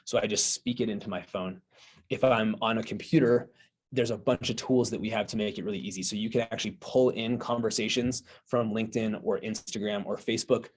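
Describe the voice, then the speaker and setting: Low-voiced man explaining steadily. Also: fairly even intonation, brisk, breathy edge. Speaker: guest, software co-owner. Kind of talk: explaining a product in an interview.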